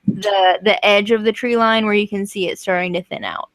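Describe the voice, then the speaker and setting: A woman narrating as game master of a tabletop role-playing game, casual and quick to laugh. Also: mid-range voice, steady tone, no echo.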